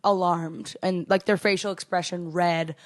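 Young woman, comedian, casual podcast chat, deadpan storytelling, dry close mic. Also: lowish voice, normal speed, no room sound. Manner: storytelling with deadpan jokes, many fillers.

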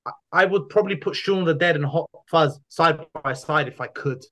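Chatty man, slightly higher voice. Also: a little fast. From London. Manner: animated storyteller, stumbles and repeats words. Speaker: podcast co-host. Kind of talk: casual film chat.

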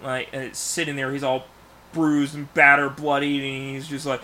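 A man in casual podcast chat, pitching a movie plot in rambling bursts with many restarts. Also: level tone, moderate pace. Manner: rambling storyteller, many restarts, bursts of loud acted lines. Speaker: podcast co-host.

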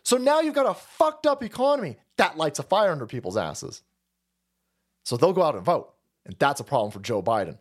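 A man's voice: fairly high pitch, very animated, brisk. A man streaming a profane political rant, repeating himself and cursing heatedly. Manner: foul-mouthed, repetitive, heated.

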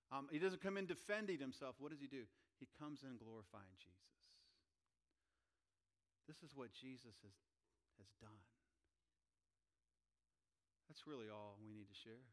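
A man preaching a sermon, animated, acting out quoted voices with rising pitch and volume. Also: measured pace, long pauses. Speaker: pastor.

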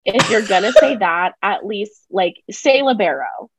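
A woman's voice: mid-range voice, measured pace, a loud crowd, rough recording. A young adult woman co-hosting a podcast, talking casually and emphatically. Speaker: podcast co-host. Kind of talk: casual chat.

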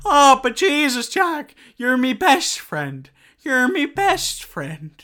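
A man's voice: extremely high pitch, wildly swooping pitch, slow pace, pushed and bright, pitched above the performer's own voice, heavily acted. A man voicing a grieving man, speaking through tears. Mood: tearful. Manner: choked, emotional. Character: grieving Irish man, emotional, sobbing.

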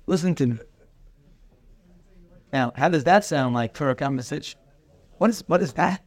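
Man, Torah teacher, animated, acts out dialogue, fairly high voice, dry close sound. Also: normal speed, long pauses, dry recording. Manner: animated, acts out dialogue, mixes in Hebrew terms. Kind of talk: daily Torah class.

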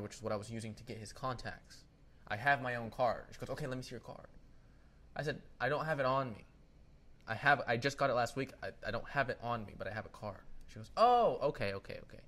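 A man's voice: mid-range voice, fast. A young man co-hosting a casual podcast, telling a heated story with acted-out quotes and frequent swearing. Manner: animated storytelling, acts out quotes, swears a lot. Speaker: podcast co-host. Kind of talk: casual chat.

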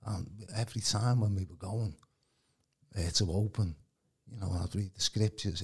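A man telling his personal testimony in a casual, animated way. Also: lowish voice, moderate pace, husky. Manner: animated, acts out quoted voices, calls the host mate. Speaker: guest giving testimony. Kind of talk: casual storytelling.

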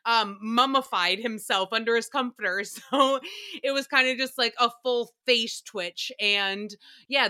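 A woman's voice: on the high side, sharp tone. A woman hosting a casual solo recap podcast, chatty and sarcastic, often laughing and swearing. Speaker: podcast host.

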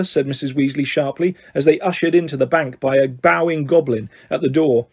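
A man's voice: mid-range voice, fairly even intonation, fairly quick, few pauses, darkish tone, husky. A man reading a storybook aloud, now and then stumbling over words and correcting himself. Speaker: reader. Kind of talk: storybook narration.

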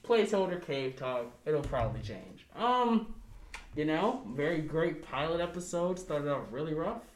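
A young man hosts a casual podcast, joking and easygoing. His voice sits a little high. The room around him is echoey. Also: expressive, normal speed. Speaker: podcast host. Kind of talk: casual chat.

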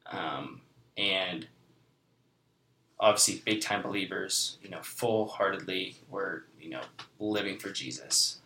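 Young guy telling his faith story, rambly, deep but bright voice, roomy echo. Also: slow, gravelly, a little hiss or hum. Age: 20s. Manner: rambling, full of fillers like "you know, like". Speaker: guest. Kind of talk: heartfelt personal testimony. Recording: echoey room.

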